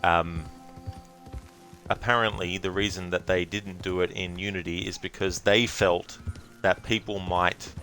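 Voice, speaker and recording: A man's voice: deep voice, pushed and bright. A man giving casual, rambling commentary while playing a game. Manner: chatty, rambling, musing aloud. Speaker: gameplay streamer.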